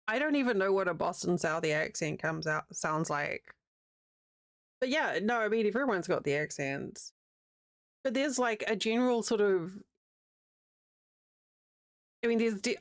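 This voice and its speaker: A woman from New Zealand with a Kiwi accent that carries a slight American Southern tinge. She chats in a relaxed, rambling way while crocheting live, quick to laugh. Her voice sits at an average pitch, recorded close and dry with no room sound. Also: dry recording. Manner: chatty, rambling, laughs easily. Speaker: livestreamer. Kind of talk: casual chat while crocheting on stream.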